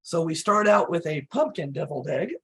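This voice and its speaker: Woman host, a bit hoarse, casual recipe chat with lots of fillers. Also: low voice, brisk. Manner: relaxed, chatty, many "you know" fillers. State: slightly hoarse, losing her voice.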